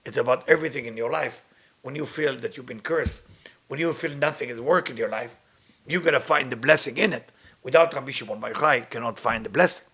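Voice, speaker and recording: Man, high voice, quick, reads then explains in English. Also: a bit bright. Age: middle-aged. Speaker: Kabbalah teacher. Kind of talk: storytelling lesson with translation.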